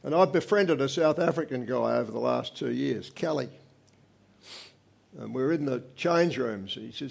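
An older man, giving an earnest personal testimony to a church congregation, swinging from animated to quiet. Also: mid-range voice, moderate pace, vocal fry, breathy edge.

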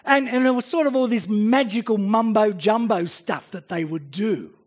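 A man's voice: high-pitched, moderate pace. A man preaching a sermon, working through a Bible passage and often restarting his phrases as he acts out the voices he quotes.

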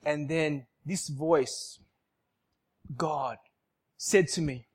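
A man giving an emotional church testimony, emphatic and repetitive, swinging from loud outbursts to soft, hushed lines. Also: a little high, extremely slow, husky. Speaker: speaker giving a personal testimony.

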